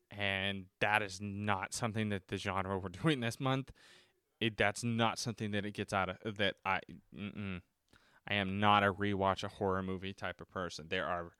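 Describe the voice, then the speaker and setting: A casual solo movie-review podcast is hosted by a man who speaks from notes at a desk mic, rambling with profanity, fillers, and frequent restarts. His lowish voice is fairly bright, clear, and resonant, recorded dry at studio quality.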